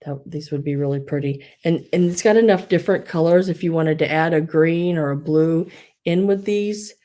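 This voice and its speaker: A woman's voice: sits low, normal speed, warm tone. A woman hosting a casual live sale, rambling with many fillers and restarts, a little wheezy. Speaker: live online sale host. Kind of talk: casual live sales chat.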